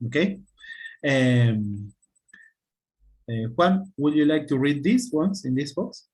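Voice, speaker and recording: Male English teacher, slow and patient delivery, keeps checking in with students. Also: mid-range voice, lively intonation, darkish tone. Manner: patient, checks in with "hmm?" often. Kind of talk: online class teaching.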